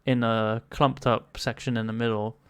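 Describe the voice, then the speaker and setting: A man's voice: medium pitch, little pitch movement, normal speed, smooth, dry recording. A man narrating a tabletop game as game master, hesitant, with many fillers.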